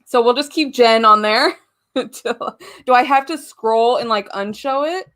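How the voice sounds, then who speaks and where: A woman's voice: a little high, unhurried, fairly bright tone. A young woman hosting a casual live stream from home, chatting to viewers, giggling often and swearing casually. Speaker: YouTube live-stream host.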